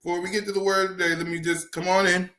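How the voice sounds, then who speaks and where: A man hosting a casual sports livestream, shouting out viewers by name in a hyped, chatty way, a little out of breath. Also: high-pitched, level tone, very fast. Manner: hypes viewers, shouts out names. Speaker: host.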